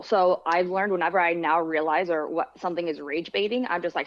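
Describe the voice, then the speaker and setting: A young woman with a lowish voice speaks candidly and tells lively stories, playing out what people said. Her sound is dry and slightly muffled, with the lo-fi feel of a cheap mic. She talks in an easy, conversational way. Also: brisk, hardly any pauses, dry recording. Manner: candid, animated storyteller who acts out quotes. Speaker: podcast guest. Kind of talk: casual chat.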